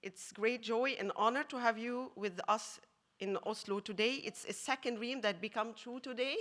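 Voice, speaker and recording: A woman from Egypt, a math teacher giving an emotional acceptance speech, laughing often and pausing with fillers. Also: fairly high pitch, fairly bright tone.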